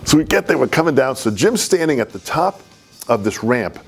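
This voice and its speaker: Guy telling a funny travel story, animated, mid-pitched voice. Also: fairly quick, vocal fry, husky, soft background music. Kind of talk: personal anecdote.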